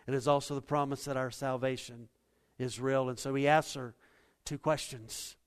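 A man preaching a sermon as a pastor, emphatic, swinging between loud declarations and quiet asides. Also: a little high, clear, resonant tone. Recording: long reverb of a hall.

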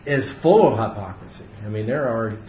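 A man's voice: lowish voice, animated, normal speed, a little hiss or hum. A man leading a casual Bible study for a small group, thinking aloud with frequent fillers and restarts. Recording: echoey room, muffled audio.

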